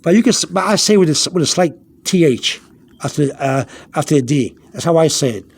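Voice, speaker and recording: A man teaching vocabulary in an unscripted video lesson, halting, repeating himself and filling pauses, slowing down to spell out words. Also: fairly high pitch, expressive, husky. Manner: searches aloud through his notes. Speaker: language teacher.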